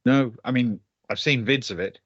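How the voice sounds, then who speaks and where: A man voicing a sheltered young woman in a tabletop game who talks in short, simple, flat statements. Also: medium pitch, normal speed, husky, no room sound, highs cut off. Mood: plain.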